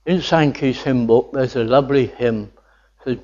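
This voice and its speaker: A man's voice: mid-range voice, moderate pace, darkish tone. An older man preaching a sermon, earnest and building to enthusiastic exclamations of wonder. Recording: dull lo-fi recording.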